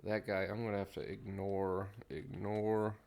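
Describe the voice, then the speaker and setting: A middle-aged man streaming a game, talking in a mellow, rambling way and humming to himself while he builds, recorded at a desk mic. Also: low voice, steady tone, moderate pace, creaky. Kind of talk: relaxed gameplay commentary.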